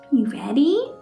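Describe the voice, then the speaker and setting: A woman leads a toddler learning video in a very high, lively sing-song voice, full of excited gasps. She stretches every word out very slowly. The recording has a roomy echo with faint music underneath. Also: vocal fry. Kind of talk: slow, exaggerated speech to toddlers.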